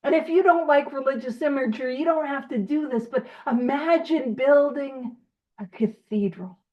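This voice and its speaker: A woman leading a recovery study over a video call, animated and self-teasing, asking question after question. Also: high-pitched, normal speed, highs cut off.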